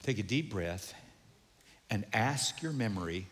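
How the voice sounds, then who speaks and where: A male pastor preaching a sermon, animated and humorous, acting out the voices of the people he quotes. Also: fairly low pitch, a little slow, long pauses. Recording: long hall reverb.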